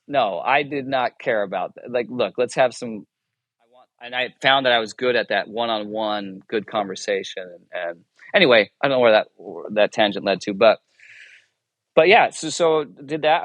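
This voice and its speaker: Speaking a little slowly in a mid-range voice with a fairly bright tone and no echo, a male guest who is a military chaplain shares a personal story in a casual interview. He wanders and cuts himself off, chuckling frequently while acting out the dialogue.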